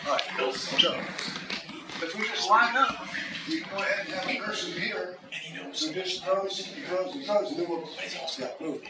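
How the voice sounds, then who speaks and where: Man teaching self-defense, stammers and jokes, slightly high pitch; distant camera, heavy room noise. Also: normal speed, pauses often. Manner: joking, repeats words, talks through demonstrations. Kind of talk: teaching a martial arts seminar. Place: large echoey training hall. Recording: echoey hall from far off with loud room noise.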